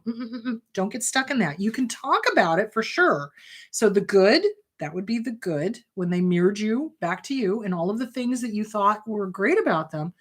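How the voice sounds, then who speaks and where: A middle-aged woman therapist hosting a live advice show, answering viewer questions in an emphatic, warm and reassuring way. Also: a little high, lively intonation, moderate pace. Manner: emphatic, warm and reassuring, calls listeners sweetheart.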